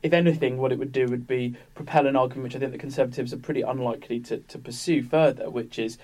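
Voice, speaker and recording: Fast-talking man in a political panel chat. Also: mid-range voice, fairly even intonation, darkish tone. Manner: rambling, many fillers and restarts. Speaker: political commentator. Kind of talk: casual panel discussion.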